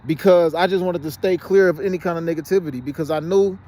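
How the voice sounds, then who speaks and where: Standing outside next to a fenced exercise area, a Detroit, Michigan man speaks quickly and insistently into his phone camera, repeatedly asking "you know what I'm saying." His voice is on the high side with a dark tone.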